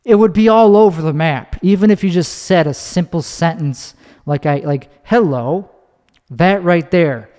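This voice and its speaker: A man with a slightly high voice rambles through a casual monologue, swearing freely and restarting his sentences. His words ring out with a long reverb, as if he were in a big hard room. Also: normal speed, dark tone. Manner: rambling, profane, restarts often, demonstrates pitch with his voice. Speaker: podcast host.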